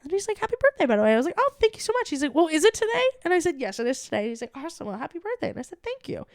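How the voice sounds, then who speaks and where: A young adult woman co-hosting a podcast, telling an animated story in casual chat and acting out the quoted lines. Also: high-pitched, racing, no room sound, studio quality. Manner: animated, acts out quoted dialogue. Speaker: podcast co-host.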